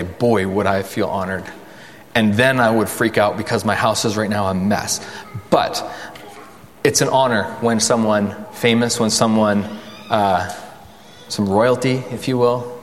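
A man preaching a sermon in a conversational way, asking the listeners questions and slowing down for emphasis. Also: lowish voice, big-room sound. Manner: conversational, rhetorical questions, dramatic slow emphasis.

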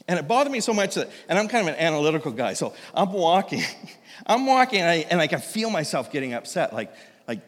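Casting: man in his fifties, pastor, lively storytelling sermon, slightly high voice, long hall echo. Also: a little fast, pauses often. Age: 50s. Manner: animated, self-deprecating storyteller with many restarts.

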